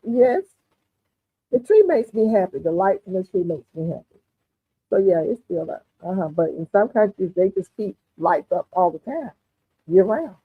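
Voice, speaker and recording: A woman's voice: on the low side, lively intonation, normal speed, breathy edge, no echo. Folksy woman on a tinny line. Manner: folksy, chatty, calls viewers honey and darling. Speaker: gardening channel host. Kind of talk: livestream chat with viewers. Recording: tinny phone-like audio, dry.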